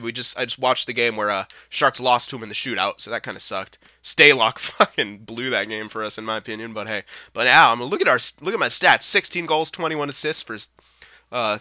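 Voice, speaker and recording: A man talks through his own video game play in loose, excitable commentary, cursing and chuckling as he goes. His voice is very bright and tense, sitting at an ordinary middle pitch. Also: no echo, clean studio sound. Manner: excitable, swears and laughs often. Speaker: video game let's-player. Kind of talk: casual gameplay commentary.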